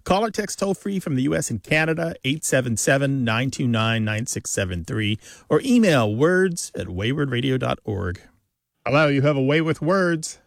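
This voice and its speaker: Man, radio co-host, brisk and questioning, close dry mic. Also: mid-range voice, very animated, gravelly, dry recording. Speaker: co-host of a language radio show. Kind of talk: radio talk show chat.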